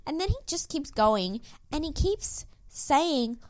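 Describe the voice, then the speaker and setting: A woman's voice: high voice, slow, no echo, clean studio sound. A woman co-hosting a casual podcast, recapping a reality dating show with frequent laughter and swearing. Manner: animated, laughs often, swears freely. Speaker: podcast co-host.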